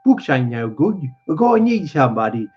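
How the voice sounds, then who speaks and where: A man voicing a lonely, needling older male stable hand, drawn out and raised in pitch, on a dull lo-fi recording. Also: big pitch swings, moderate pace, husky, soft background music. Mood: pleading.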